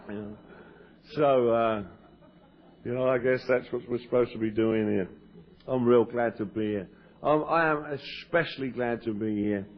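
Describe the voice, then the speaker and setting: English guy cracking jokes at a recovery meeting, trips over his words, mid-pitched, dull old cassette sound. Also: unhurried, long pauses. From England. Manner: joking, self-deprecating, stammering restarts. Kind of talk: humorous personal talk to an audience. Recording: lo-fi 1990s cassette tape.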